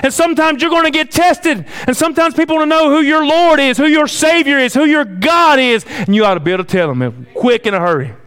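A man's voice: very high-pitched, lively intonation, fairly quick, few pauses, fairly bright tone. A man preaching a fervent sermon, exhorting the congregation and calling for amens.

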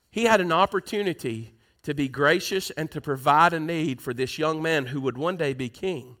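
A man's voice: a little high, normal speed, sharp tone. A man preaching a sermon in church, reading scripture aloud and asking the congregation questions.

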